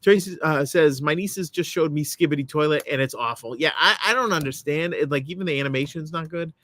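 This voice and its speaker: A man's voice: on the high side, fairly bright tone. A man hosting a laid-back live stream, reading viewers' comments aloud as they come in. He rambles and stalls on fillers between thoughts. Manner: rambling, halting with fillers while reading chat. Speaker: host. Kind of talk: casual live-stream chat.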